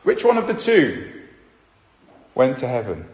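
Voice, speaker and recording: A man preaching a sermon, earnest, slowing down to stress key points. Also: mid-range voice, wildly swooping pitch, darkish tone. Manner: earnest, slows down for emphasis. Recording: echoey hall, slightly dull sound.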